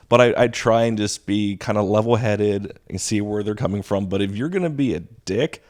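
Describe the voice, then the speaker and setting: A man in his thirties, a stand-up comic and drama teacher, telling stories casually and acting out quotes in a higher pitch. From Houston, Texas. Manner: animated storytelling, acting out quotes with a jump in pitch. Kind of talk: casual storytelling.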